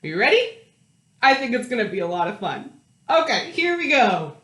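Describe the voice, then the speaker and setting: A woman hosting a children's storytime, reading aloud and chatting to young kids in a bright, lively sing-song manner. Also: fairly high pitch, normal speed. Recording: roomy echo with piano. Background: piano.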